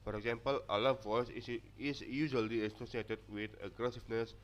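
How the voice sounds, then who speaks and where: A young man who grew up speaking Indonesian, and whose accent shows it, presents to his class from notes with many restarts and stumbles. He speaks a little fast, in a medium-pitched voice with fairly even intonation. The audio is dull lo-fi.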